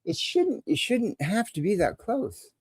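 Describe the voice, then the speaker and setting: A man with a high, husky voice lets his pitch swoop wildly, speaking unhurriedly with no echo. As host of a live call-in show, he rambles and jokes crudely through technical trouble in relaxed livestream chatter.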